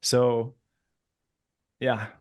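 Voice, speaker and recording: A man on a video call talking over his experiences in a thoughtful, searching way. His voice is mid-pitched and the sound is dry and close. He speaks casually, pausing to find the right word. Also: level tone, a little mellow, clean tone, no room sound. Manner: reflective, searches for words. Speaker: dating coach. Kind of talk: casual panel chat.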